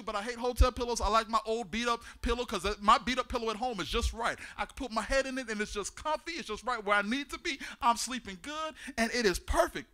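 A man preaching a sermon, building to shouts in a chanting cadence, with casual slang. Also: very high voice.

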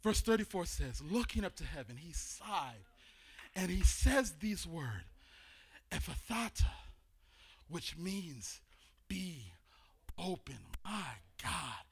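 Preacher guy with a really high voice, goes from shouting to hushed, church sermon. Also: sing-song, slow, long pauses, husky. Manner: swings between shouted exhortation and hushed reading.

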